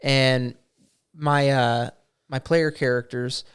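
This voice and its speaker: A man on a podcast microphone, retelling his tabletop game at length. His voice is smooth and clear at an ordinary middle pitch, and he swears freely and slips into quick acted-out lines for the characters. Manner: animated storyteller, swearing freely, acts out goblin quotes. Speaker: podcast co-host. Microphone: studio microphone.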